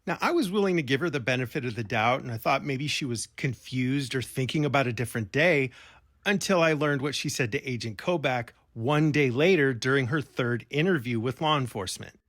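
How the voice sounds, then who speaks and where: A man's voice: medium pitch, fairly quick, fairly bright tone. A man narrating a true-crime commentary over interview clips, in a pointed, incredulous, rhetorical manner.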